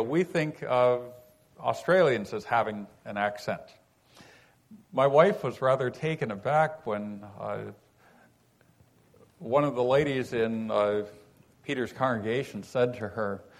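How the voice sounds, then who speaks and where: A man, raised in California, teaching a Bible passage in an unhurried, folksy sermon full of "you know" asides. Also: medium pitch. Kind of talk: conversational sermon.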